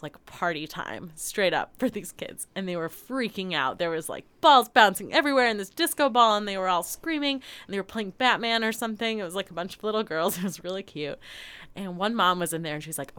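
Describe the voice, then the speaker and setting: A woman telling a story in casual chat, animated and laughing often. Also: medium pitch, fairly quick, clear, resonant tone.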